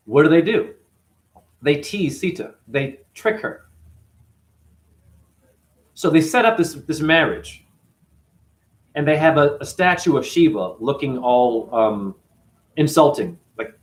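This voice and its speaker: A spiritual teacher retelling a story in a lively way and often asking his listeners questions. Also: on the high side, unhurried, pauses often. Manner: lively, asks the audience questions. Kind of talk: animated storytelling talk.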